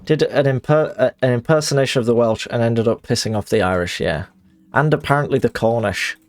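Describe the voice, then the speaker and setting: A man's voice: medium pitch, a little fast. A man chatting casually on a live stream, rambling and self-mocking, swearing freely.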